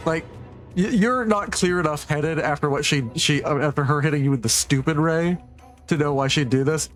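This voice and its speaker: GM, male, higher register, rambling restarts, faint music bed. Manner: halting, full of restarts and fillers. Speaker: game master. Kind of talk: narrating a tabletop game.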